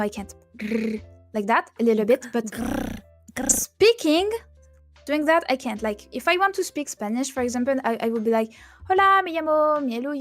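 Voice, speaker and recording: A woman chats casually as a guest on a stream, unhurried, playful and giggly as she hunts for her words. Her voice sits a little high, and faint music plays behind her on a desk mic. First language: French. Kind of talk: casual chat.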